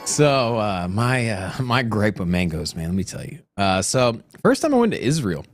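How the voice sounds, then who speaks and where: A man's voice: on the low side, big pitch swings, moderate pace, soft background music. A man co-hosting a casual chat, telling a long rambling story, laughing often and talking loosely. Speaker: co-host.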